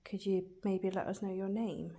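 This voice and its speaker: A woman hosting a ghost hunt, calling out to spirits in soft, half-whispered questions inside an abandoned care home. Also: medium pitch, fairly even intonation, moderate pace, vocal fry. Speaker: paranormal investigator and host. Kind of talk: casual ghost-hunting chat with spoken voice-over.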